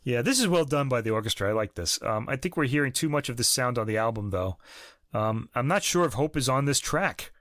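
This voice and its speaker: Brisk and animated, with a mid-range voice that's a bit bright, this music podcast co-host jokes and opines freely, sprinkling in plenty of fillers during a casual review chat. A podcast microphone gives clean studio sound with no room tone.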